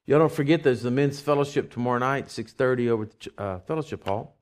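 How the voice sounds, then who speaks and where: A man's voice: mid-range voice, fast, darkish tone. A man who is a pastor, preaching a conversational sermon in a church, with rising bursts of energy.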